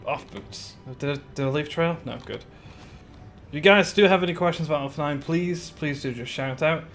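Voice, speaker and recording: A man's voice: a little high, normal speed, a bit bright. A man chatting casually on a live stream while building in a game, greeting viewers by name with giggly asides.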